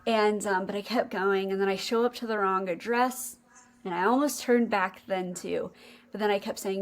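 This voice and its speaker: A woman's voice: medium pitch, steady tone, moderate pace. A young adult woman hosting a podcast, telling a personal faith story in an earnest, emotional way. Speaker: podcast co-host.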